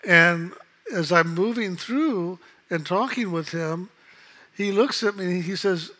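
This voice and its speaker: A man calmly telling a personal story in a reflective, unhurried way, acting out the voices of others in it. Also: high-pitched. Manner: calm, unhurried, reflective, acts out quoted voices. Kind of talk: casual spoken storytelling.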